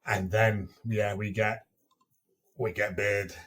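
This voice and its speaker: A man's voice: lowish voice, little pitch movement, slow, a bit bright, slightly rough. A man co-hosting a casual TV review chat, enthusiastic and repeating words as he searches for them. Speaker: podcast co-host.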